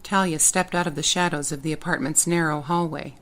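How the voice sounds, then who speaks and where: Woman author narrating her audiobook, first person, low and steady. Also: brisk. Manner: plain, steady storytelling.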